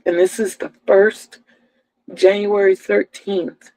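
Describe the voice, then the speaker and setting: A woman chats at an unhurried pace in a mellow, gravelly voice. She hosts a casual crochet livestream and talks to her viewers in a warm, homey way. The sound is dry and close. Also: mid-range voice, steady tone, no room sound, low-quality recording. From Virginia, USA. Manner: chatty, homey, speaks to viewers as "y'all". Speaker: crochet channel host.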